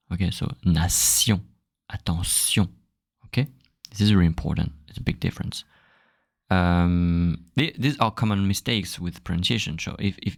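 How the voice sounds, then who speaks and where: A man with a French accent, a native French speaker, hosting a casual podcast lesson and repeating sounds aloud in a halting way. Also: low voice, gravelly, no room sound, clean studio sound. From France. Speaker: language teacher podcast host.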